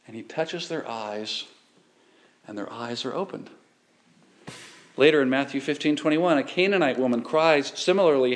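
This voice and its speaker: Man, pastor, sermon, earnest, measured, mid-pitched voice. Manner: earnest, measured preaching with scripture readings.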